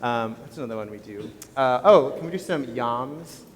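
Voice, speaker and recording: A man's voice: medium pitch, normal speed, soft background music. A man, a choir director, explaining vocal exercises to a concert audience in a casual, teacherly way. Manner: casual, relaxed teacherly talk with fillers. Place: school concert stage. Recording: long hall reverb.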